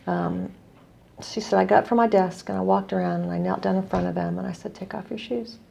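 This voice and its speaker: A woman's voice: lowish voice, flat delivery, quick pace, gravelly, mellow, slight background noise. A middle-aged woman from the United States, an earnest guest telling a story in conversation and quoting others as she goes. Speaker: guest, non-profit executive director.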